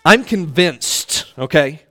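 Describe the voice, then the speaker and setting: A man's voice: on the high side, animated, slow pace, bright, forceful tone. A man in his thirties preaching a sermon as pastor, telling family stories in a folksy, joking way with many restarts.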